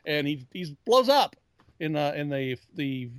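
A man's voice: a little high, very animated, measured pace, a bit bright, dry recording. A man co-hosting a casual pop-culture chat, rambling and often restarting his sentences as he calls himself a geek. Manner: self-described geek. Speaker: podcast co-host.

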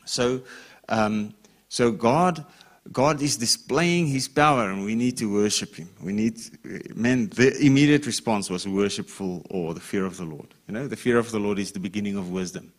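A man's voice: lowish voice, expressive, moderate pace. A man preaching a sermon in a conversational way, reading scripture aloud and often checking in with the listeners. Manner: reads scripture with rising emphasis. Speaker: pastor.

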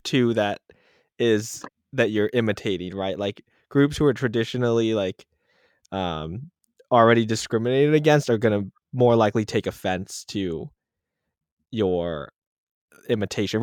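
A man with a fairly low voice co-hosts a casual podcast, chatting loosely and laughing often. The sound is dry and close, with no room around it. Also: dry recording. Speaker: podcast co-host. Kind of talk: casual chat.

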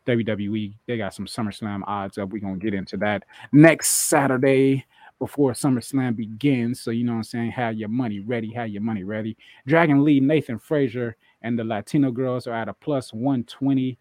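A man's voice: mid-range voice, fairly even intonation, moderate pace, darkish tone, no echo. A man co-hosting a casual wrestling podcast, bragging and trash-talking with lots of swearing and laughter. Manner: boastful, profane, laughing trash talk. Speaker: podcast co-host.

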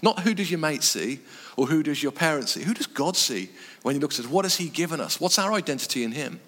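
A man preaching a sermon in earnest short phrases, dropping his voice low on key words. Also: lively intonation, fast, a bit bright. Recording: long reverb from a hall.

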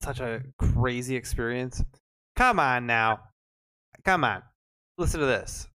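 Smooth-voiced man hosting a podcast. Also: mid-range voice, lively intonation, takes it slowly, bright, forceful tone. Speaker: podcast host. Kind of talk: casual podcast chat.

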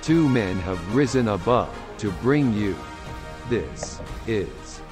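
A deep, slow, booming male voice doing a dramatic movie-trailer style voice-over for a show segment. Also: very animated. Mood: portentous. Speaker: announcer. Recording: with music behind.

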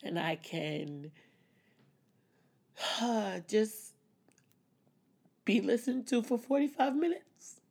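Creaky-voiced woman in a candid vlog. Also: fairly high pitch, sing-song, extremely slow, pauses often, a little mellow. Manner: open and reflective, with frequent small laughs. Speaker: vlogger. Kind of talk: candid personal vlog talk.

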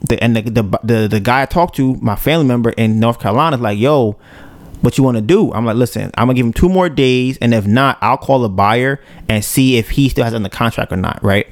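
Gravelly-voiced man telling a story. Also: medium pitch, quick pace, no echo. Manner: animated retelling, acts out his own quoted reactions; slangy and loose, with "bro" and "yo". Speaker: podcast host. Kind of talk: casual storytelling.

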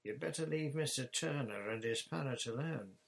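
A man's voice: mid-range voice, normal speed, creaky, voice pushed up, lightly acted. Man doing a scolding farmer's wife. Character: stern farmer's wife, middle-aged woman.

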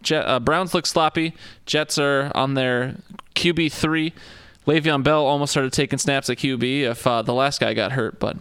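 A man co-hosts a laid-back football chat, rambling a little and poking fun at himself. His voice is smooth and clear, with a dry, close sound and no room around it. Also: mid-range voice, fairly even intonation, normal speed, a bit bright, dry recording. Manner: chatty, self-deprecating, rambling with fillers. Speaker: podcast co-host. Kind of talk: casual sports chat.

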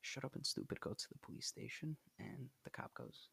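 A young man hosting a casual podcast, giving blunt dating advice in an animated, coaching way. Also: medium pitch, fairly quick, creaky, breathy edge.

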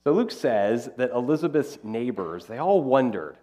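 A man preaching a conversational, animated Bible-teaching sermon as pastor. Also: mid-range voice, moderate pace.

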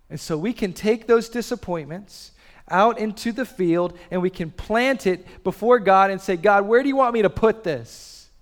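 Guy preaching a sermon, bit high voice, gets loud then goes real quiet, big echoey hall. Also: creaky. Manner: swings between loud urgent bursts and quiet drops. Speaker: pastor. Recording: long reverb of a large hall.

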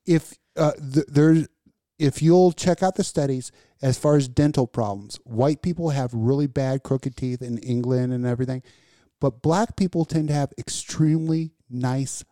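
A man's voice: medium pitch, normal speed, warm tone, dry recording. A man co-hosting a crude, casual podcast chat, rambling and swearing from a close, dry mic. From United States. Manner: profane, rambling, joking. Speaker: podcast co-host.

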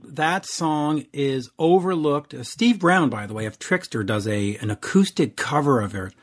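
A male radio host chats loosely with his guests, wandering into asides and um-filled restarts. His voice sits a little high for a man, friendly and unhurried. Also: animated. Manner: chatty, rambling, with frequent fillers. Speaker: radio show host interviewing a band. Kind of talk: casual interview chat. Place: based in Montreal.

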